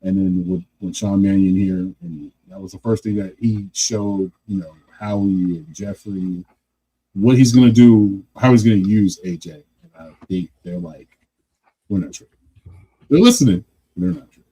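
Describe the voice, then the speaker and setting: Husky, mellow man talking football. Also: deep voice, normal speed, low-quality recording. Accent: Philadelphia. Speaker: podcast co-host. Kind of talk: casual sports chat.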